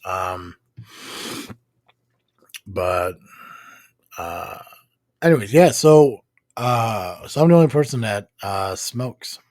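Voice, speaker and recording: A man's voice: lowish voice, expressive, slow, pauses often, darkish tone, no echo, studio quality. Rambling, profane podcast co-host man. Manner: rambling, profane, many fillers. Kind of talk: casual live podcast chat.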